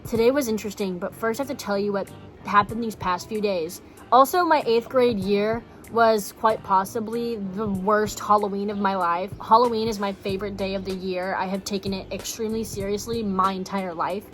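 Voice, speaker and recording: A young woman tells a story to her camera in a casual, blunt way, swearing freely and filling pauses with "like". Her voice sits at an ordinary middle pitch. Soft music plays faintly behind her. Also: fairly even intonation. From Texas. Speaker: vlogger.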